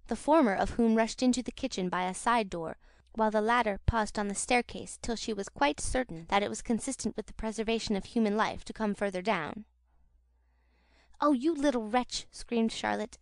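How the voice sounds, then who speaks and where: A woman narrating a classic novel audiobook in a measured, dramatic storytelling manner. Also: mid-range voice, smooth, no echo, studio quality.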